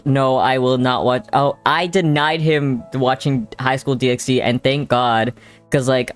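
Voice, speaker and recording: A man's voice: medium pitch, clear, resonant tone. A young man streaming live while drawing, chatting casually with his chat in a rambling way and swearing freely.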